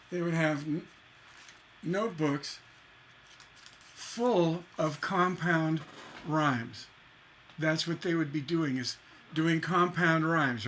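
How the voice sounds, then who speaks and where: A man's voice: fairly high pitch, fairly bright tone, a little hiss or hum. A man teaching a songwriting lesson in a chatty way, scatting rhythms with "da da da" to show the stresses.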